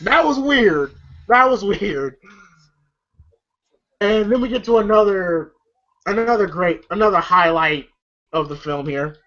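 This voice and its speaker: A movie reviewer retells a comedy scene by scene in a loose, rambling monologue full of fillers and casual swearing. The pitch sits in a middling range and often breaks into laughter. The sound is a bit dull and lo-fi. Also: animated, unhurried, pauses often, fairly bright tone. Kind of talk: casual film recap.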